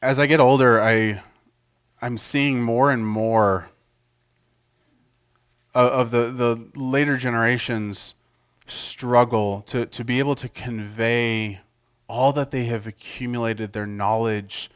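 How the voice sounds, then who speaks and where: Conversational male preacher, medium pitch. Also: fairly even intonation, takes it slowly, clean tone. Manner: conversational, restarts often, acts out quotes loudly. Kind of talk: casual sermon.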